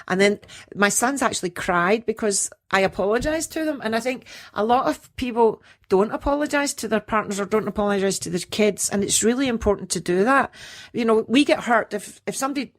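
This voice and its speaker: A middle-aged woman, a menopause coach and podcast guest, telling stories in a lively way, acting out what people said and laughing often. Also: medium pitch, brisk. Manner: animated storyteller who acts out quotes and laughs often. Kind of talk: casual interview chat.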